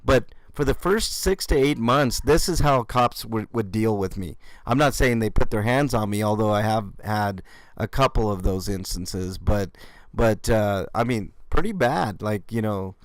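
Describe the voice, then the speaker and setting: A man's voice: lowish voice, animated, unhurried, dry recording. A man hosting a channel, giving casual, sarcastic commentary on police footage with frequent swearing. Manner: sarcastic, mocking, swears freely. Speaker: YouTube channel host reacting to police video.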